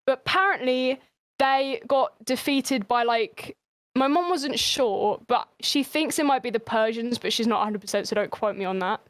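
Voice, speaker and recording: A woman's voice: fairly high pitch, moderate pace, dry recording. A young woman with an English accent, a streamer chatting loosely as a podcast guest, rambling and laughing between thoughts. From England. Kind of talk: casual chat.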